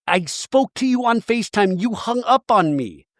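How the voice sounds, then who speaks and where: A defensive, exasperated reality TV woman over-explains her side, as a man puts her on. The voice is pitched up, lively and dry. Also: normal speed, no room sound.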